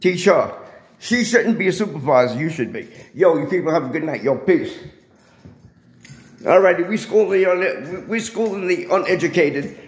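A resident films a heated confrontation on a handheld phone, a high-voiced man lecturing security guards in an indoor public area of a residential building. He's animated and confrontational, speaking at normal speed and repeating himself. The recording is reverberant and low quality.

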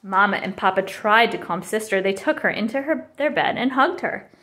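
A woman reading a children's picture book aloud in an expressive, animated way. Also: mid-range voice, moderate pace. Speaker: storybook reader.

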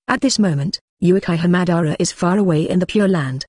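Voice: medium pitch, fairly quick, few pauses, a little mellow, no echo. Dry synthetic audiobook narrator voice. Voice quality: synthetic text-to-speech voice that reads punctuation aloud. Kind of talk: flat machine-read web novel narration.

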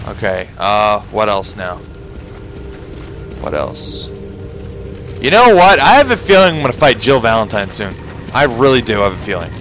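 A man commentating his own gameplay, swearing and sarcastic, muttering to himself through puzzles. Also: medium pitch. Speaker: gamer. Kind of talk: profane let's play commentary. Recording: game music behind. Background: game music.

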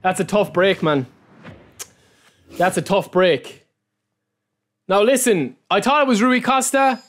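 A man with an Irish accent giving live-streamed gaming commentary, excitable and repeating phrases while he talks to his viewers as lads. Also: sits high, slow. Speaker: gaming YouTuber opening card packs.

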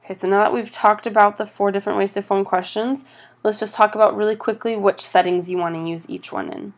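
Working through slides, a woman explains French grammar in a patient, steady way and slows down whenever she gives an example phrase. Her voice is mid-range.

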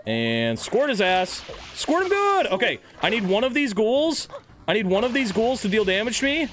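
A young man streaming a video game live, chattering crudely, reading chat aloud and bursting into loud shouts. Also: sits high, sing-song, moderate pace. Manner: reads chat aloud and jokes with viewers.

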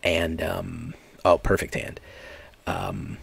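Gravelly low-voiced male streamer. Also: big pitch swings, slow, fairly bright tone. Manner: rambling, with frequent fillers and laughter. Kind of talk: casual chat while playing a card game. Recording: faint background noise.

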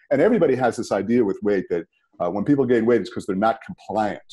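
A man, a podcast guest telling a personal story in a conversational, animated way. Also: on the low side, fast talker, slightly rough. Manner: animated, rises sharply when emphatic.

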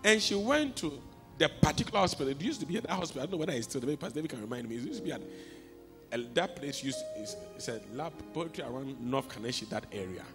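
A man preaching a sermon as a pastor, telling stories and swinging from quiet asides to shouts. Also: a little high, animated, fast talker. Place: church hall. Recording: long hall reverb with faint music.

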